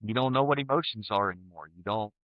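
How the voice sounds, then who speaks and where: Speaking quickly in a voice on the low side, a man in his forties from the United States, retired as an Army sergeant first class, shares blunt, profanity-filled service stories in a candid interview, acting out outbursts as he quotes them. The audio is dull, with no room sound.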